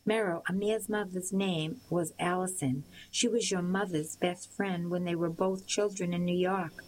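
A gentle, patient father, as a woman reader gives him, calm and reassuring as he explains. The reader uses her own low voice with little change. A faint hiss sits behind the storybook reading. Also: moderate pace, close to an everyday voice, rough recording. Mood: explaining.

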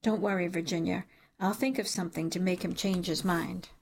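A woman's voice: lowish voice, steady tone, fairly quick, vocal fry, darkish tone. A woman voicing a fierce, protective older woman in an audiobook, speaking urgently and with indignation. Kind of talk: audiobook character reading.

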